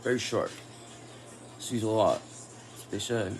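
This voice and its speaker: A man's voice: on the low side, slow, slight background noise. A man giving a casual tarot reading, talking in an angry, profane and confrontational way. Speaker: tarot reader.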